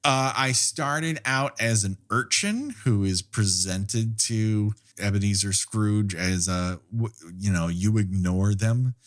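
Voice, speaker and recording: This podcast co-host is a man with a lowish, fairly bright voice who speaks slowly with hardly any pauses. Chatting casually about a film, he laughs often, swears freely, and drifts into rambling asides.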